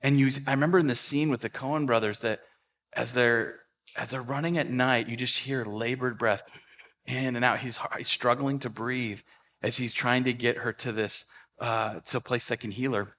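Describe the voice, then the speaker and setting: A man's voice: mid-range voice, fairly even intonation, normal speed, a bit bright. A man preaching a sermon as a pastor, telling stories in a conversational way with fillers and restarts. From Pacific Northwest of the US.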